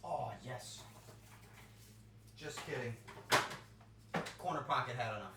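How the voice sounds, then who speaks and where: A man's voice: medium pitch, slow pace. A man cooking on a live stream, chatting playfully and answering his chat as he goes. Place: home kitchen. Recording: roomy kitchen with faint noise.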